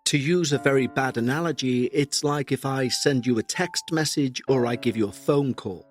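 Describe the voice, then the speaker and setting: A Scouse man hosts a paranormal podcast, reading a listener's account and then talking it over in an earnest, measured tone at an ordinary pitch. His throat is still a little sore. Faint music plays underneath. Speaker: podcast host.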